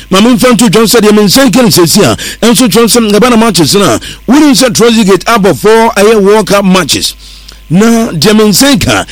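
A man's voice: high-pitched, no echo. A man presenting football analysis on the radio, reeling off player statistics and switching between Twi and English.

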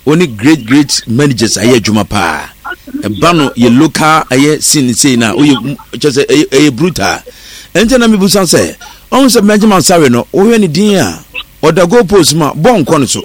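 A man's voice: fairly high pitch, sing-song, normal speed, slightly rough, dry recording. A man hosting a sports radio show, asking questions and murmuring agreement. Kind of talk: Twi sports radio chat.

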